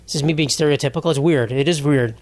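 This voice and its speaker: Speaking quickly in a highish voice, a man in his twenties hosts a podcast in a space with no room sound. His comedic monologue is meandering and crude, with lots of restarts.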